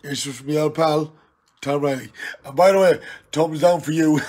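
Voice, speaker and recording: A tipsy man with an Irish accent on a live stream, loudly teasing and challenging an old friend in rowdy banter. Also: on the high side. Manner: loud, jokey, challenging and teasing. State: tipsy from drinking.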